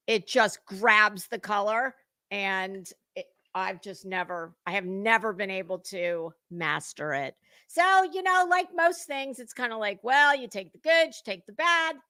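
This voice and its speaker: A woman's voice: medium pitch, sharp tone, dry recording, studio quality. A woman hosting a casual livestream, greeting viewers in chat and talking in a salty, chatty way with cusswords. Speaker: livestream host.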